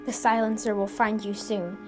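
An eerie, possessed girl in a whispered role-play, speaking in a soft, sinister hush, as a woman puts her on. Her tone is calm and unsettling. Music plays clearly behind her. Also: medium pitch, normal speed, natural voice.

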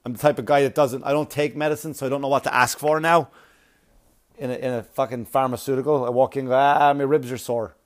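A man's voice: mid-range voice, fairly even intonation, quick pace. A comedian chatting casually to his viewers, telling a rambling, profane story with asides, sounding like he has a cold.

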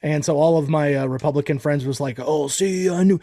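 A man's voice: fairly high pitch, a little fast, mellow, no room sound, clean studio sound. A man in casual chat, easygoing and agreeable, laughing often.

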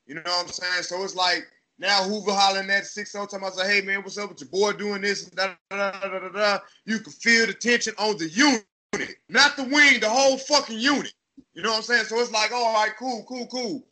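A man in his thirties with a Texas accent, hosting a casual chat and telling profane, animated stories about his past. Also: sits high, fairly quick. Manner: profane, animated storytelling, acts out voices. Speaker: podcast host.

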